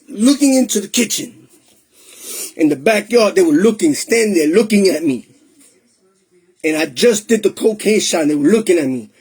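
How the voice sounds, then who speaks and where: A man recounts his own testimony in a high, husky voice. He talks in a streetwise, emotional way and slips Spanish phrases into his English. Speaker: testimony speaker. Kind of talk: personal testimony storytelling.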